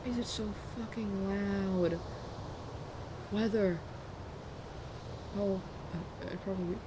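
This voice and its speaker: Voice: medium pitch, steady tone, slow, long pauses, background noise. Joking, rambling late-night game streamer. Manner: joking, rambling, laughs often. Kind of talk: casual live gaming stream chat. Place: at home, live stream.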